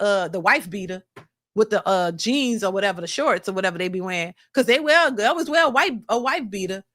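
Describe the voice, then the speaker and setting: A woman's voice: a little high, fairly bright tone. A woman host giving a blunt, opinionated commentary monologue to her viewers, full of casual slang and repeated points. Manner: blunt, preachy, addresses viewers as y'all. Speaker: reaction channel host.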